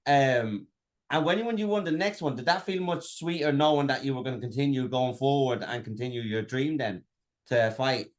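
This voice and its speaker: A man interviewing a fighter, asking casual questions in a halting way, restarting and repeating words. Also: mid-range voice.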